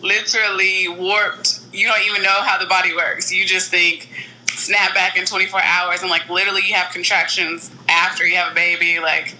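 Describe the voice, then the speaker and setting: A woman's voice: lowish voice, flat delivery, normal speed, pushed and bright, rough recording. A woman co-hosting a casual chat, blunt and joking, full of opinions.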